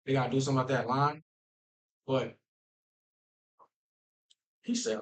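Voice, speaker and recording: A man's voice: mid-range voice, fairly even intonation, unhurried, low-quality recording. A man vlogging as a football fan, ranting casually and animatedly, repeating himself and talking straight to his viewers. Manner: emphatic, restarts phrases often. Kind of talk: casual sports rant.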